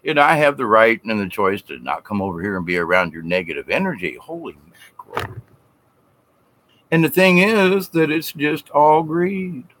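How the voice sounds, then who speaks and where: A man's voice: medium pitch, animated, normal speed, fairly bright tone, a little hiss or hum. A middle-aged man vlogging a rambling, folksy, preachy spiritual monologue, now and then mimicking people in mocking voices.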